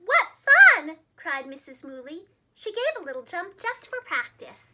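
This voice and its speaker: A young woman, a preschool teacher, reading a children's storybook aloud with an expressive delivery. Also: high-pitched, moderate pace, very noisy.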